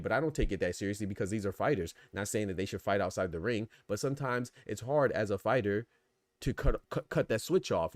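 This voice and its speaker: Fast-talking man with a low voice. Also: no room sound, clean studio sound. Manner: animated, rhetorical questions, reads chat comments. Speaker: boxing podcast host. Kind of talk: casual live-stream commentary.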